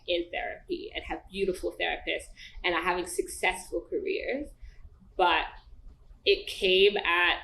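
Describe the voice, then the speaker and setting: A woman's voice: mid-range voice, a bit bright. A woman co-hosting a podcast, speaking earnestly and emotionally about hard experiences in a heartfelt conversation. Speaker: podcast co-host. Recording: echoey room with faint background noise.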